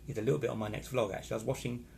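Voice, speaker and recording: An English vlogger streams live from a hotel room, rambling casually and reacting to viewer comments as he reads them. His mid-pitched, gravelly voice races along in a mellow, fairly even tone over a faint background hiss.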